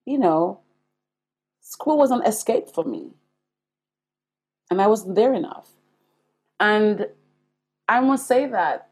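Telling her life story directly to her listeners, a forties-aged Jamaican podcast host is earnest and confiding. Her mid-range voice has a darkish tone with a breathy edge.

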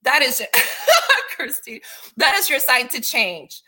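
A woman speaks in an earnest, encouraging way, circling back on her points with repeated restarts. Her voice sits a little high and sounds bright and forward. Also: huge pitch swings, slow. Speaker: guest. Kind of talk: motivational casual chat.

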